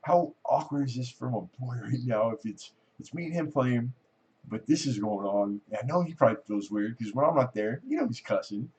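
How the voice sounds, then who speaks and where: With a lively, slightly mellow medium-pitched voice, this middle-aged host talks fairly quickly in a casual chat. His storytelling wanders, he mimics the voices of people he quotes, and laughter comes frequently.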